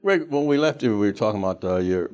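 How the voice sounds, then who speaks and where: A man hosting a TV talk show, asking halting questions with many fillers and backing the guest with steady "mm-hmm"s. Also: lowish voice. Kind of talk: TV interview.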